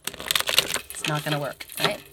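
A woman speaking at a slow pace in a very noisy recording gives an oracle card reading. She rambles casually, often thinks aloud, and tags her points with a questioning "right?".

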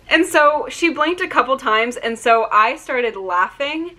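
Young woman vlogging, gushing and rambling, bright higher voice. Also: expressive, unhurried, few pauses. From Virginia. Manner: gushing, rambling, many fillers and restarts. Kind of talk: excited storytelling to camera.

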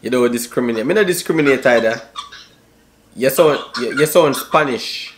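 A young YouTuber with a Jamaican accent and a mid-range voice talks at a moderate pace. His vlog is casual, jokey banter full of slang.

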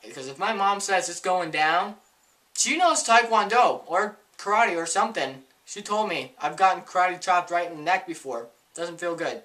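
A man telling a funny personal story in a casual, animated, self-mocking way. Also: fairly high pitch, moderate pace, distant mic.

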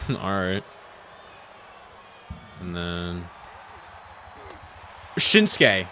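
Young guy raging at an online game, bright voice jumping all over, swears a lot, bit of noise behind. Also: on the low side, lively intonation, measured pace, pauses often. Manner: ranting, swearing, sarcastic, swings from muttering to yelling. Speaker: gaming YouTuber. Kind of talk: frustrated gameplay commentary.

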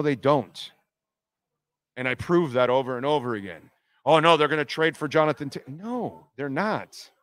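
A man's voice: on the high side, a bit bright, no room sound. A man hosting a sports talk radio show, talking bluntly in a rambling monologue full of fillers and restarts. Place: casino venue, live broadcast.

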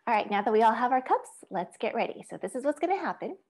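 A woman's voice: a little high, very animated, fast talker, darkish tone. A woman teaching an online music lesson, giving patient step-by-step instructions and chanting rhythm syllables and counts. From Asia.

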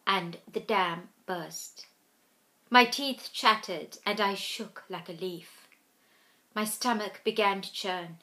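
A middle-aged woman reads her own memoir aloud in an unhurried, sorrowful audiobook style. Her voice sits in an ordinary middle register, and at the most painful passages it sinks to a breathy whisper. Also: medium pitch, bright, forceful tone. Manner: slow, somber, sinking to whispers in emotional passages.

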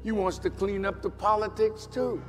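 Male minister, high register, measured dramatic preaching, faint music under. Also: steady tone, big-room sound. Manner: dramatic preaching, swinging from hushed to shouting. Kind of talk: sermon.

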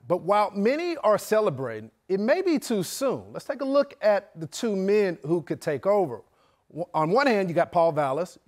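A man hosting a cable news segment, delivering a scripted, opinionated monologue with emphatic delivery. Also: sits high. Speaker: news host.

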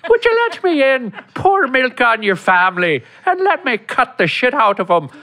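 A man putting on a high, sing-song Irish brogue to voice a gleeful leprechaun man turned serial killer. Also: sing-song, normal speed, bright, forceful tone, heavily acted. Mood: gleefully menacing. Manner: giggly, menacing cheer.

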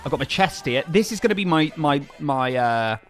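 A young man streaming a game in a high, bouncy voice that swings up and down a lot. He chats excitably with viewers and thanks donors as he plays, with faint music behind him. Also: moderate pace. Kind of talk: casual live-stream chat while gaming.

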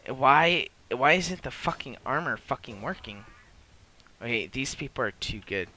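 Sharp-voiced swearing gamer man. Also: medium pitch, lively intonation, measured pace, slight background noise. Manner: constant swearing, frustrated outbursts at enemies; self-aware, admits he is new to the game. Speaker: gamer playing a multiplayer beta. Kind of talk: live gameplay commentary.

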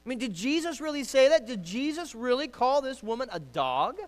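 A man preaching a sermon as pastor, emphatic, swinging from hushed lines to loud ones. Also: extremely high pitch, big pitch swings, normal speed, long reverb tail.

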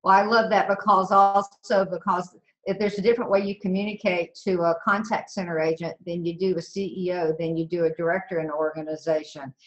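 A woman's voice: lowish voice, steady tone, brisk, rough recording. A woman from the Southern United States moderating a webinar, asking questions in an affirming, conversational way.

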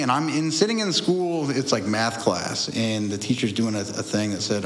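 A man's voice: lowish voice, normal speed, slight background noise. A young man telling his own testimony in a candid, rambling conversational way, often restarting and laughing through hard memories. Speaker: guest sharing a testimony. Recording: echoey room with faint ambience.

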